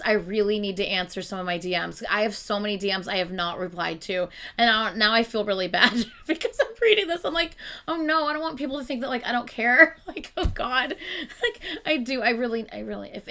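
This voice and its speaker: Reaction host: woman, bright tone, chatty and excitable, laughs a lot, casual commentary. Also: mid-range voice.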